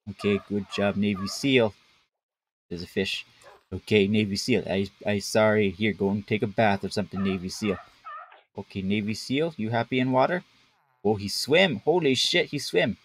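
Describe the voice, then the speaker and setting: A man's voice: medium pitch, normal speed, a little hiss or hum. A man streaming a game live, chatting casually, talking to the animals and using playful broken grammar. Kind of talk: live gameplay commentary.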